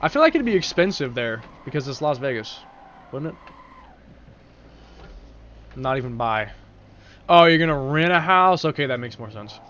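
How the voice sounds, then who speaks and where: A man's voice: medium pitch, very animated, normal speed, pauses often, fairly bright tone, dull audio, a little hiss or hum. A man with a sore throat chatting casually and rambling while he streams a game. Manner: rambling, casual, swears freely. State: sore throat, speaking carefully. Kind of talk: casual live-stream chat while gaming.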